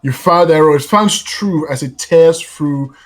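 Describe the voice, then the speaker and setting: A man's voice: fairly high pitch, moderate pace. A man narrating as dungeon master in a casual tabletop game, chatty and laughing, often restarting his sentences.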